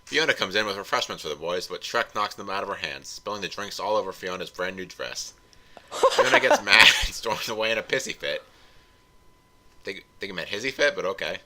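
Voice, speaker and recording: Brief: male host, wry comic reader, low and very bright. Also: expressive, fairly quick. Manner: wry, breaks into laughter. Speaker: host, fanfiction reviewer. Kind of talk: comedic read-along commentary.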